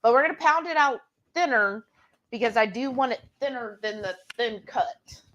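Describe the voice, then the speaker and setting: A woman's voice: fairly high pitch, lively intonation, normal speed, fairly bright tone, highs cut off, a little hiss or hum. A woman co-hosting a live cooking stream, chatting casually and reading viewer comments aloud. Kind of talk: casual live cook-along chat.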